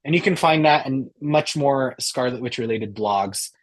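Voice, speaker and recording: A man's voice: mid-range voice, a little slow. A man co-hosting a casual fan podcast, talking enthusiastically with many fillers and restarts. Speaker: podcast co-host.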